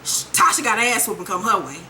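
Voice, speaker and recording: A woman giving a casual, profane, animated recap of a TV episode. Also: medium pitch, quick pace, a little hiss or hum. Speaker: TV recap vlogger.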